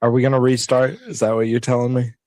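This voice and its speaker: A man's voice: mid-range voice, level tone, quick pace, dark tone, dry recording. A man co-hosting a sports podcast, talking in a laid-back, agreeable and dry way. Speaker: podcast co-host. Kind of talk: casual chat.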